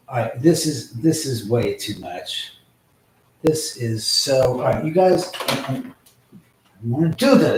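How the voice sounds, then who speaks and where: A man hosting a live stream, swearing in frustration at technical glitches, swinging from muttering to shouting. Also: medium pitch, a little hiss or hum. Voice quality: loud profane outbursts, swinging from mutters to shouts. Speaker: livestream host. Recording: roomy echo, mic at a distance.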